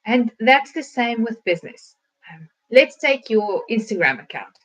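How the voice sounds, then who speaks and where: A woman's voice: on the high side, very animated, a little slow, poor audio. Hesitant woman giving a motivational talk. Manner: hesitant, many filler ums, asks questions. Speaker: wellness consultant and coach.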